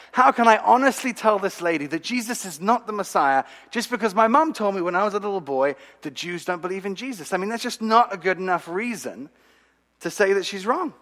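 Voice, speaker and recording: Male speaker, fairly high voice, dramatic storytelling testimony, long hall reverb. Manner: animated, dramatic storytelling with asides to the audience. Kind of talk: sermon-style storytelling.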